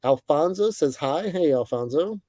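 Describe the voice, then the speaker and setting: A young man hosting a casual livestream, greeting viewers by name and chatting in a relaxed, friendly way with plenty of fillers. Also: a little high, moderate pace. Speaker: livestream host. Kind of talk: casual chat reading viewer comments. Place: bus, indoors.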